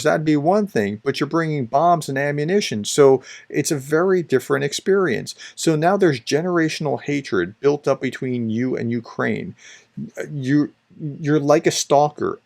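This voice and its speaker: A man's voice: on the high side, creaky, darkish tone. A man, a professor, giving casual spoken commentary on video clips, talking conversationally and often restarting or repeating his words. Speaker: professor explaining disinformation.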